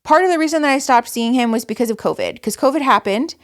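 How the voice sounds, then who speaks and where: A woman's voice: sits high, fast talker. A woman hosting a podcast, telling a story in casual chat, swearing often and acting out what people said. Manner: animated storyteller, swears often, acts out quotes. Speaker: podcast host.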